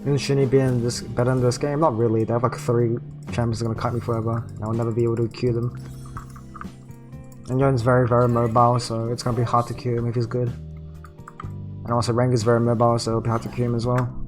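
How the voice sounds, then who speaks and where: A man streaming a video game, muttering about his play and bursting into frustrated shouting and swearing. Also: mid-range voice, little pitch movement, quick pace, over music. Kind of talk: live game commentary.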